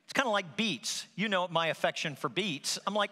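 A man's voice: high-pitched, normal speed, in a large hall. A man preaching a sermon as a pastor, telling stories animatedly and acting out the quotes. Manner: animated storytelling with acted-out quotes. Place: large church hall.

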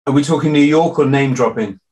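A man's voice: mid-range voice, fairly quick, darkish tone. A man hosting a podcast interview, asking short, easygoing questions. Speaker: podcast host.

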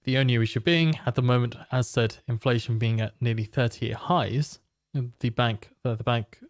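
A man presenting a financial market preview, walking through economic data in a steady, explanatory way. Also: medium pitch, moderate pace, dry recording, studio quality. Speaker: market analyst.

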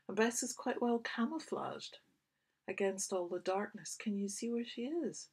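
A woman children's author reads a picture book aloud to little ones, asking them gentle questions along the way. She talks slowly in a mid-pitched voice with a slightly husky edge. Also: animated. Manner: gentle, questioning the young listeners.

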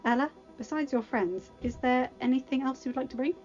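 A woman reading aloud, voicing a gentle but firm young king in a softer, lower tone. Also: brisk, lo-fi sound, soft background music, close to an everyday voice. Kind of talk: storybook reading.

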